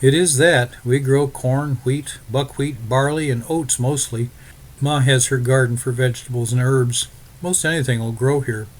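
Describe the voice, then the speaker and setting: A man's voice: medium pitch, fairly even intonation, normal speed, natural voice. A man voicing a friendly young frontier farmer's son who speaks in a plain, folksy way.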